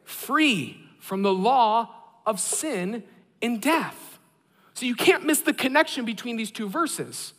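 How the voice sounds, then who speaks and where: A man in his thirties preaching a sermon, an animated and self-deprecating storyteller. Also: very high voice, takes it slowly, big-room sound. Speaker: pastor.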